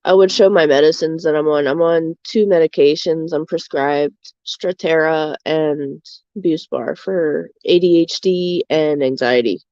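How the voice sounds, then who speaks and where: A woman's voice: deep voice, a little slow, a little mellow, dry recording. A young woman, chatting casually on a livestream from her bedroom, rambling with lots of fillers and a bit out of breath. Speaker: streamer. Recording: slightly dull dry sound.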